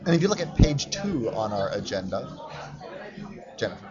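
A man's voice: medium pitch, sing-song, moderate pace, muffled recording. Playful man with crowd chatter behind. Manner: playful, mock-pompous. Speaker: co-host. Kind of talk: casual chat.

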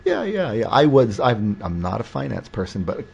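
Low gravelly man, rambling podcast host. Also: sing-song, normal speed. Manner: rambling, joking, many restarts. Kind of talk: casual podcast chat. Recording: dull lo-fi recording.

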